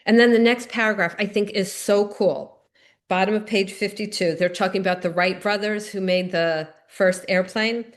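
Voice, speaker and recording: A woman's voice: mid-range voice, fairly even intonation, normal speed. A middle-aged woman giving a recovery meeting talk, telling personal stories in an earnest, conversational way.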